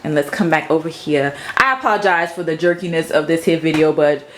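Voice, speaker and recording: She talks fast, with a touch of background noise, while touring her home office studio for her vlog. The woman, in her thirties, is chatty and playful, speaking to the camera and breaking into high baby-talk for her cat.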